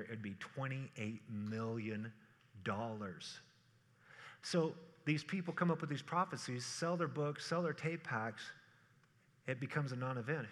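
A man preaching a sermon, telling stories with animated energy and acting out quotes in playful voices. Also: medium pitch. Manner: animated storytelling, acts out quotes in funny voices. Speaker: pastor. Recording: reverberant hall.

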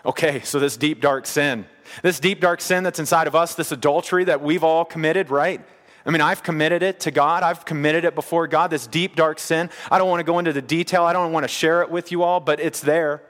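A man's voice: a little high, steady tone, a little fast, a bit bright, long reverb tail. A man in his thirties preaching a sermon, earnest and conversational, repeating his key phrases. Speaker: pastor.

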